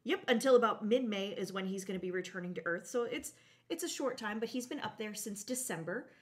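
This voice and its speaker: A woman's voice: medium pitch, lively intonation, brisk. A woman co-hosting a live online space show, sharing space news in an upbeat, enthusiastic way with fillers. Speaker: show co-host. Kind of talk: casual live show chat.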